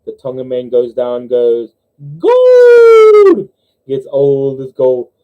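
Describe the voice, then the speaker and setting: A man's voice: little pitch movement, a little slow. Giggly New Zealand guy, lo-fi stream. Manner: giggly, laughs through his own jokes, squeaky voices for characters. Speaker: livestream host. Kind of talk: casual livestream chat and joke telling. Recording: dull lo-fi livestream audio.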